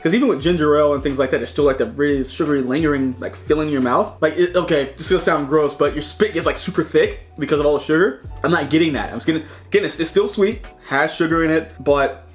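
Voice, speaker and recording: Snack-review host, male, slightly high voice, rambling and chatty, faint music underneath. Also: quick pace, few pauses. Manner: rambling, chatty, restarts and repeats words; talks while chewing. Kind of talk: casual taste-test vlog.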